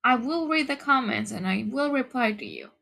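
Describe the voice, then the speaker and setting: A woman teaching an English grammar lesson, explaining patiently and deliberately, repeating the key points. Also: a little high, lively intonation, creaky, pushed and bright. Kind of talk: slow, careful lesson explanation.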